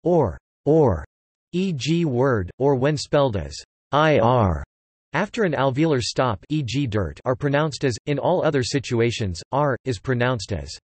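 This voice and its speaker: A synthetic male text-to-speech voice reading an encyclopedia article in an even, machine-like way. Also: mid-range voice, a little slow, slightly rough, no room sound. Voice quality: flat, machine-like delivery with odd pronunciations.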